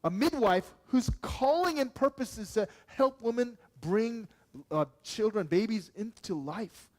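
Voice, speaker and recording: Pastor with a fairly high male voice. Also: expressive, measured pace. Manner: conversational preaching, asks the congregation questions, frequent "okay". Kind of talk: sermon. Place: church.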